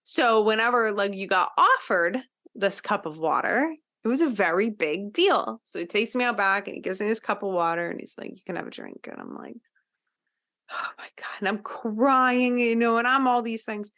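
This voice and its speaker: A woman's voice: mid-range voice, animated, moderate pace, a bit bright. A woman hosting a podcast, telling a personal story in a casual, emphatic way, with frequent fillers and the odd swear word. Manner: earnest, driving home lessons to the listener. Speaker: podcast host.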